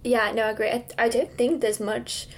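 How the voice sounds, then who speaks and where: A woman hosts a casual podcast conversation in a slightly high voice. She listens well and agrees with her guest. She adds considered points of her own. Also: little pitch movement, brisk. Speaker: podcast host. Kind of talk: casual chat.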